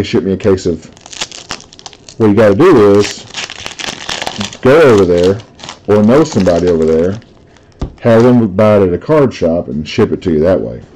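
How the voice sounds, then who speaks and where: A man's voice: low-pitched, warm tone, slight background noise, rough recording. A man hosting a live card break, chatting casually, telling stories and reading out the cards he pulls. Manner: chatty storyteller, laughs easily, reads out cards.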